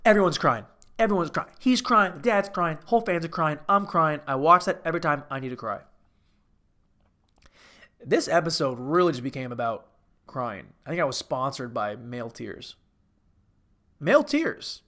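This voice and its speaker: Man, comedy host, rambling recap, tangents, sudden excited bursts. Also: fairly high pitch, normal speed.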